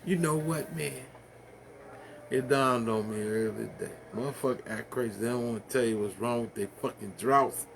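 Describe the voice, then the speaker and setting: A man's voice: mid-range voice, moderate pace, creaky, slight background noise. A man ranting casually to the camera, rambling and profane, stumbling over fillers and laughing at his own jokes.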